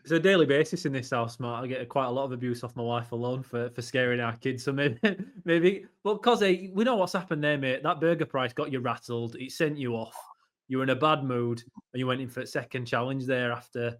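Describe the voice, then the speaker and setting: Male guest, mid-pitched, easygoing joking banter. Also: a little fast. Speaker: podcast guest. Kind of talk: casual podcast chat.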